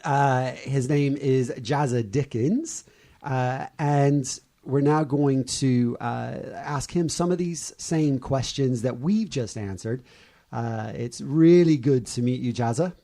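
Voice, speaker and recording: A man's voice: mid-range voice, slow, dark tone. Hesitant man hosting a podcast. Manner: hesitant, many fillers and restarts. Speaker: podcast host. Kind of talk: casual sports chat.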